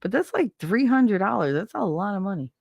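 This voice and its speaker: Brief: chatty woman streamer, mid-pitched, off-the-cuff and blunt, swearing, very dry close sound. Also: sing-song, a little fast, vocal fry, darkish tone, no echo. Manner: rambling, candid, swears freely, laughs often. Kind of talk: casual live-stream chat.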